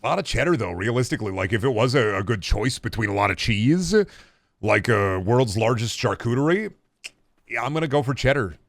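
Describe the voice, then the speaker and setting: A man's voice: mid-range voice, expressive, fairly quick, a bit bright, dry recording, clean studio sound. A man in his thirties streaming a game, chatting in a rambling, laid-back way and swearing freely. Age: 30s. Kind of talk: casual gaming-stream chat.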